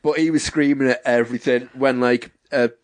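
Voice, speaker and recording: A young man telling a story in casual chat, acting out what people said with lively quoted voices. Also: mid-range voice, a little fast, dry recording. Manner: animated, acts out quotes in voices.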